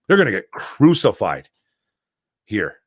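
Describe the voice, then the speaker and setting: A man's voice: on the low side, wildly swooping pitch, unhurried, husky, no echo. Ranting man on a dry mic. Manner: heated, ranting, repeats "man" and "bro". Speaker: sports talk show host. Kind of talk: casual ranting sports talk.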